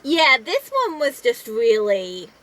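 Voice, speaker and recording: A woman's voice: on the high side, lively intonation, slow, fairly bright tone. A woman chatting casually about a movie in a car, adding facts and correcting her co-host. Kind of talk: casual movie review chat. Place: inside a car.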